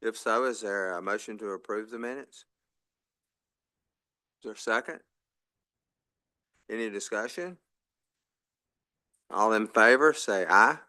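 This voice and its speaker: A man's voice: on the low side, a little slow, pauses often, pushed and bright. A man presiding over a formal board meeting, calling motions and votes in set phrases with small fillers.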